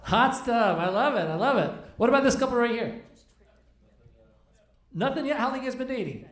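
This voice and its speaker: Male stand-up comic, 40s, light high voice, loose rambling delivery, echoey club room. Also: animated, normal speed. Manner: rambling, self-deprecating, chats with the audience. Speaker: stand-up comedian. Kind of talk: stand-up comedy set with crowd work. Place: comedy club stage.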